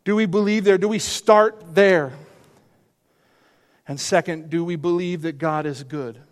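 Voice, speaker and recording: A man's voice: high-pitched, a little slow, long reverb tail. A middle-aged male pastor preaching a sermon, emphatic and full of rhetorical questions and repeated phrases.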